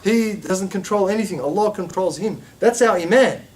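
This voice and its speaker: A man teaching a religious class, talking in an animated way with many rhetorical questions and emphatic repetition. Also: high-pitched, moderate pace. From Australia.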